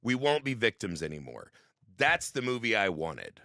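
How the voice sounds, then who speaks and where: This podcast co-host, a man in his thirties, has a lowish voice and moderate pace, recorded dry with studio quality. He's emphatic and animated while casually debating a movie, repeatedly adding "right?" to what he says.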